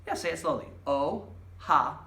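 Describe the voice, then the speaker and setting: A man's voice: fairly high pitch, lively intonation, measured pace, fairly bright tone, far from the mic. A man teaching a Spanish lesson, explaining grammar patiently and repeating examples step by step. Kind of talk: recorded classroom lesson. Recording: echoey room, voice off-mic.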